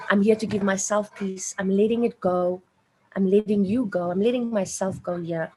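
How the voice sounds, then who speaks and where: A woman speaks at a moderate pace in a medium-pitched voice over background noise. She's a South African interview guest, late thirties or older, relating a personal story earnestly and emotionally while repeating phrases for emphasis.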